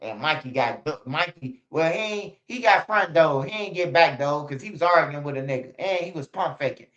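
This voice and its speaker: A man talks straight to his livestream audience, rambling loosely and swearing as he goes. His voice sits a little high for a man. The stream audio is slightly dull and lo-fi. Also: animated, brisk, fairly bright tone. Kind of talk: casual livestream commentary. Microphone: streaming setup.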